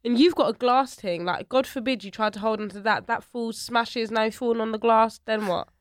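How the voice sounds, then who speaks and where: A young woman telling everyday stories in a casual chat, animated and full of quoted voices. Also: fairly high pitch, brisk, no echo, clean studio sound.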